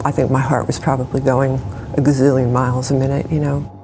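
A woman witness calmly recalls events in an interview. Her voice is very deep and flat, with some gravel. Faint music sits behind her. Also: fast talker. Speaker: witness, nurse. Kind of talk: recounting in interview.

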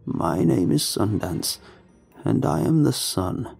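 A croaking, gaunt male sun creature with metal lips, put on by a man reading a horror story. He sits low and dark, husky under the croak, and he stretches every word out slowly and menacingly. Faint music sits underneath. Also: big pitch swings, exaggerated voice. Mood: taunting. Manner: slow, drawn-out and sinister.

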